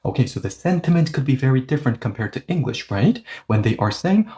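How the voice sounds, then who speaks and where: A man whose first language is Korean teaches a casual lesson, thinking aloud in a medium-pitched voice. He strings his points together with "okay, so" and rhetorical checks to the viewer. He slows down and repeats the Korean example phrases several times. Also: sing-song, dark tone. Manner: explains step by step, thinks aloud with lots of "okay, so" and rhetorical questions.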